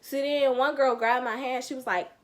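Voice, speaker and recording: A young woman, telling a slangy, animated storytime with quoted asides in a casual vlog. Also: sits high, moderate pace. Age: young adult. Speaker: vlogger.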